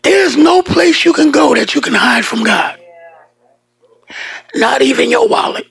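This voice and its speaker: A man preaching a sermon with emphatic delivery, swinging between hushed tones and shouts, drawing out key words and joking with the congregation. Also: extremely high pitch, big pitch swings, unhurried, vocal fry. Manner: casual, joking asides to the congregation. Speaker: pastor.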